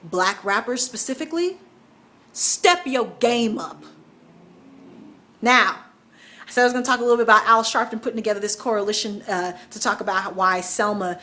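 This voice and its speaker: A woman's voice: mid-range voice, quick pace, bright, forceful tone. Young woman vlogger, emphatic, opinionated, conversational delivery. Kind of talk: casual opinion vlog.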